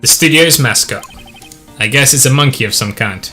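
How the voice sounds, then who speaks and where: A man reading game dialogue aloud, tossing in playful, jokey asides. His voice is bright and forceful, and faint music runs under it. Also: medium pitch, moderate pace. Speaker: let's play gamer reading all parts.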